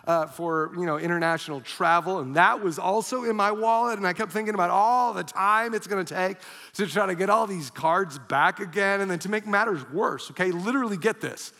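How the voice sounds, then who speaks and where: A male pastor preaching a sermon as an animated storyteller who bursts into shouts. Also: high voice, a little fast, long reverb tail. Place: church auditorium.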